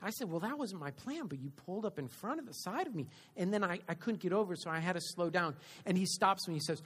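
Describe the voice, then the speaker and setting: A middle-aged pastor giving a sermon, telling a personal story and swinging between loud and quiet delivery. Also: male voice, sits high, animated, brisk, slightly rough.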